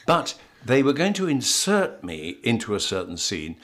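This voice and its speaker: A man's voice: medium pitch, very animated, moderate pace, few pauses, fairly bright tone. An older English man, an actor, telling anecdotes in an interview, with frequent stammered restarts. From England. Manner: storytelling with stammered restarts and laughs. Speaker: actor guest.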